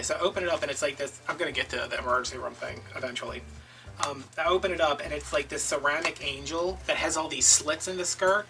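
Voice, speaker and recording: A man telling a casual story as a crafting video host, animated and gossipy, acting out other people's voices as he goes. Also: a little high, quick pace. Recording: distant mic with faint background music.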